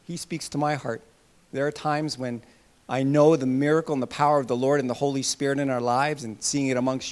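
A man preaching a sermon to his congregation, animated, with loud bursts and soft asides. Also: a little high. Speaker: pastor.

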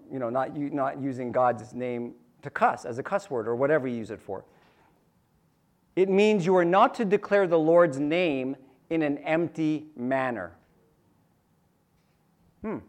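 Casting note: male preacher with a slightly high voice, folksy and chatty, asks the congregation questions. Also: darkish tone. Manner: conversational storytelling, asks the audience questions; repeats phrases, restarts sentences. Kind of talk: sermon.

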